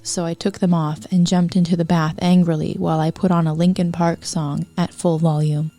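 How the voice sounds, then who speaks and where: A woman podcast host reading fanfiction aloud for comedy, deadpan with wry asides. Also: lowish voice.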